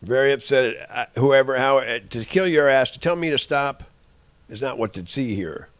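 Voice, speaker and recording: A man's voice: medium pitch, normal speed, a bit bright, dry recording. A man in an angry, rambling monologue, cursing and making threats at the people he addresses.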